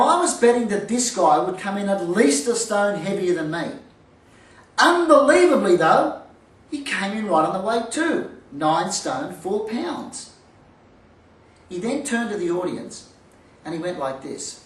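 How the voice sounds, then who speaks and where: Comic storyteller, self-mocking, recorded from far off in a roomy space. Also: male voice, high-pitched. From Australia. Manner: lively, self-mocking, punchline timing. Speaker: storyteller, former boxer.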